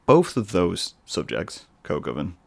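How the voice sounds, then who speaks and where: A man with a deep, gravelly voice hosts a solo podcast. He muses in a loose, rambling way and drops self-mocking asides as he thinks out loud. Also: huge pitch swings, a little slow, no echo. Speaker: podcast host. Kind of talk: casual solo podcast monologue.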